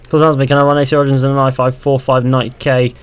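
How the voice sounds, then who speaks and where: A man's voice: medium pitch, little pitch movement, very fast, clear, resonant tone. A young man live-streaming a game, chatting casually, reading viewer comments aloud and answering with dry sarcasm. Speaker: gaming streamer. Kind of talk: casual live-stream chat while playing.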